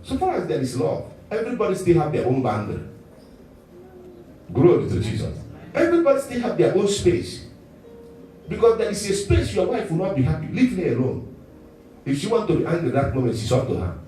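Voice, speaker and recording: A man preaching a sermon as pastor, animated and often chuckling as he talks. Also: a little high, fairly quick, long pauses, a little hiss or hum. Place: church hall. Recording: echoey church hall, mic at a distance.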